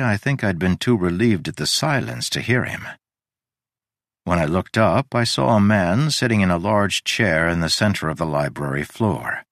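Male story narrator, low and lively, measured, dry close mic. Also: no room sound. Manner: measured and descriptive.

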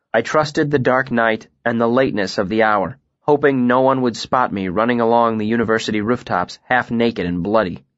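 A man reading a first-person fantasy novel aloud in a measured, steady storytelling voice into a close microphone. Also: medium pitch, dry recording, dull audio. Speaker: audiobook narrator.

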